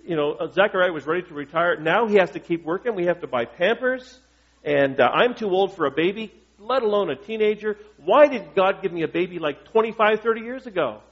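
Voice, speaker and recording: A man's voice: high-pitched, expressive, brisk. A man voicing an older woman who grumbles that she is too old for a baby. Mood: grumbling. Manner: grumbling, complaining. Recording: dull lo-fi recording.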